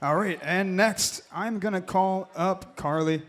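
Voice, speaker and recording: A man acting as emcee at a wedding reception, introducing speakers with upbeat, quick announcements. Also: high voice, fairly bright tone. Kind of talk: event announcing.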